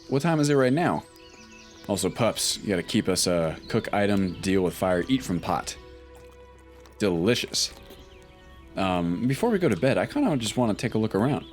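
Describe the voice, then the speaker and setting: A man commenting casually on a video game playthrough, relaxed and thinking aloud with frequent ums. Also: on the low side, normal speed, pauses often, soft background music. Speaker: gaming YouTuber. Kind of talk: let's play commentary.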